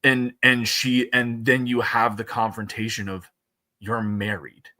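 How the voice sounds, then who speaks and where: A man, a comic book creator, chatting as a guest on a podcast in a rambling, animated way full of fillers. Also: medium pitch, measured pace, no echo. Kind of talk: casual chat.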